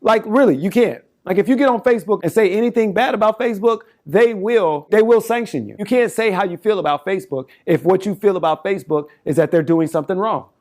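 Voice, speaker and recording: A man's voice: high-pitched, quick pace, few pauses, a little mellow. A man in his forties delivering an impassioned, rambling monologue straight to the camera, in slangy casual speech full of restarts. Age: 40s. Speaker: self-styled political campaigner.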